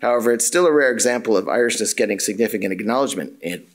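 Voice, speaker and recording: Male lecturer, lowish voice, formal measured reading of a scholarly paper, occasional filler. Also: a little hiss or hum. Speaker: academic lecturer. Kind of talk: reading a prepared conference paper. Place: university symposium room.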